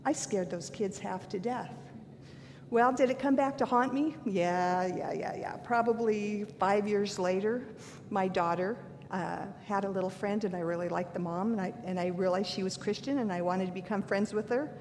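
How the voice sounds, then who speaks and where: A woman's voice: moderate pace, a little mellow. Older woman preaching in a reverberant hall. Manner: earnest, candid and self-deprecating. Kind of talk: sermon with personal stories. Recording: long hall reverb, faint rumble.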